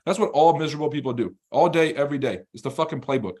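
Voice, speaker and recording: A man hosting a live trading stream and reading chat, talking in a blunt, profane, combative way. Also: fairly high pitch. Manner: fast, rambling and animated when ranting. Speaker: livestream trading host.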